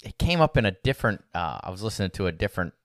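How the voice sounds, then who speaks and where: A man's voice: sits low, very animated, racing, fairly bright tone, no room sound, clean studio sound. A man co-hosting a podcast, talking thoughtfully and a bit hesitantly about his needs in his marriage. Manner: thoughtful, hesitant, many fillers. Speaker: podcast co-host. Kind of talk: candid conversational podcast talk.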